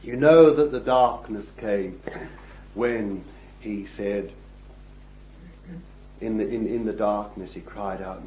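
Preacher, slow and dramatic. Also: male voice, fairly low pitch, a little hiss or hum. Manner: expressive preaching, swinging from hushed to loud; addresses listeners as beloved, reads scripture aloud. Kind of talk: sermon. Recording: dull, echoey old recording.

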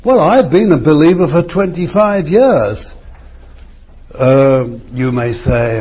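Older preacher, lively pitch, husky. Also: male voice, unhurried. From East End of London. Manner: emphatic, rhetorical questions, wide swings in pitch. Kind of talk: sermon. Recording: muffled lo-fi sermon recording.

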